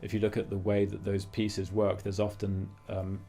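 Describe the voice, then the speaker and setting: A man's voice: fairly low pitch, monotone, normal speed, gravelly. A man teaching a guitar lesson, explaining phrasing and singing rhythm syllables between his points. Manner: thinking aloud with fillers and restarts. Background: guitar playing.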